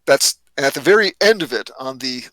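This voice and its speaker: Bright-voiced male game master. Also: medium pitch, animated, fairly quick, no echo, poor audio. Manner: hesitant, many fillers and restarts. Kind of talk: narrating a tabletop game.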